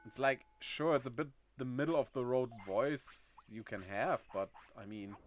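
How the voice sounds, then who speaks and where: A man's voice: medium pitch, normal speed, a little hiss or hum. A man chatting casually on a game livestream, laughing often and reading chat aloud. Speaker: game streamer.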